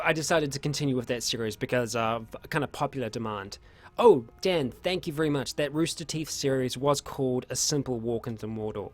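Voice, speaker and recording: A young man hosts a relaxed viewer Q&A, answering one question after another. He rambles in a friendly way, often trailing off, restarting and filling gaps with um and uh. His voice sits at an ordinary middle pitch. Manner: chatty, rambling, frequent fillers and restarts. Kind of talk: casual livestream Q&A.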